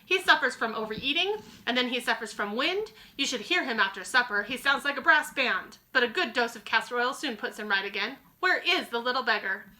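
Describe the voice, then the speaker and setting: A woman voicing a hot-tempered, blustering middle-aged father who shouts and bristles with indignation. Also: very high-pitched, expressive, fairly quick, hardly any pauses, heavily acted, low-quality recording. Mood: blustering angry.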